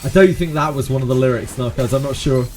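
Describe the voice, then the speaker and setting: A man's voice: mid-range voice, fast talker, darkish tone, faint music behind. A man with a West Country English accent chatting casually and joking as he streams a game, laughing often. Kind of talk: casual live-stream commentary.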